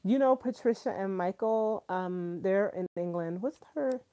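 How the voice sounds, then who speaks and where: A woman in her thirties hosting a live stream, gushing excitedly and chatting straight to her viewers. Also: mid-range voice, a little slow.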